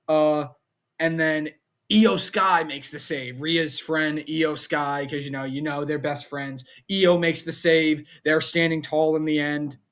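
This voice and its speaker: A man with a slightly higher voice than most talks through a casual review vlog. He rants in an animated, exasperated way and keeps throwing out rhetorical questions in disbelief. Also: slow pace. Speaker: wrestling show reviewer.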